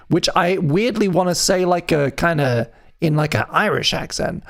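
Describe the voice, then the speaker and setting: A man's voice: a little high, animated, measured pace, vocal fry. A man hosting a live music stream, chatting casually with wry, self-deprecating jokes.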